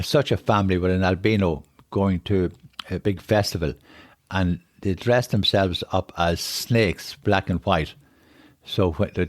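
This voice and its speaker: A man's voice: low-pitched, no room sound, clean studio sound. An older Irish man, a podcast guest, telling rambling travel stories in a conversational way and often repeating himself. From Ireland. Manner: rambling, repeats "on it", emotional when moved. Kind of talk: conversational storytelling.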